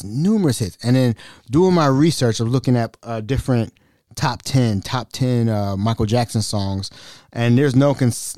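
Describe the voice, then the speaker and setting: A young adult man hosts a casual podcast in a soft, dark-toned voice of middle pitch. He rambles through a comic anecdote, restarting sentences as he goes. The sound is dry and close, with no room around it. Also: no echo. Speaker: podcast host.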